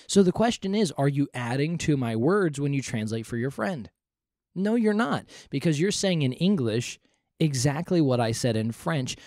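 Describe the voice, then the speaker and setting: A man's voice: medium pitch, darkish tone, no room sound. Guy doing a bible teaching podcast, earnest, keeps repeating stuff for emphasis, dry close sound. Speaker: podcast host.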